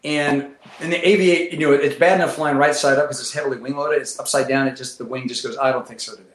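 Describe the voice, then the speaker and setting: A man telling stories in casual talk, animated and acting them out with sound effects. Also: a little high, fast, reverberant, a little hiss or hum. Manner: animated, acts out his story with sound effects and laughs. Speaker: guest pilot telling stories. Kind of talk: casual storytelling.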